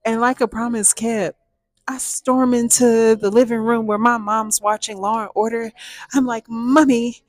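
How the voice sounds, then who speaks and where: A young woman, telling a personal story to viewers in a lively, chatty way. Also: fairly high pitch, moderate pace, no room sound. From Texas, USA. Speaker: storytime vlogger.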